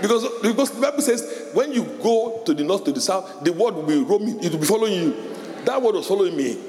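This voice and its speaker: Animated preacher in an echoey hall. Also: male voice, fast. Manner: animated, shouting mother's lines high, laughing often. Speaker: pastor. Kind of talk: sermon. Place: church hall. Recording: echoey hall with long reverb.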